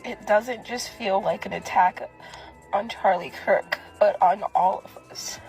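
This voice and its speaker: A woman's voice: medium pitch, unhurried, creaky, darkish tone, soft background music, low-quality recording. A woman in an emotional rant to camera, angry and close to tears, swearing hard. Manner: angry, tearful, profane outburst. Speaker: social media video poster.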